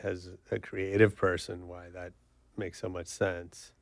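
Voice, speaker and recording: A man hosts a relaxed interview and asks his questions in an agreeable, encouraging way. His voice sits on the low side. The recording is close and dry. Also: unhurried, gravelly, no room sound. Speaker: podcast host, interviewer. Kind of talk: casual interview.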